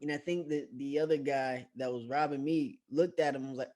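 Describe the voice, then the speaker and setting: A young man casually telling a story to camera, animated, swearing and often laughing. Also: mid-range voice, a little fast.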